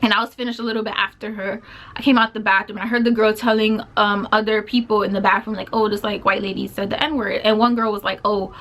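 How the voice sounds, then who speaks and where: A woman's voice: mid-range voice, flat delivery, quick pace, fairly bright tone. A young woman vlogger casually retelling a personal story, full of filler words and quoted back-and-forth exchanges. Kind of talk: storytime vlog.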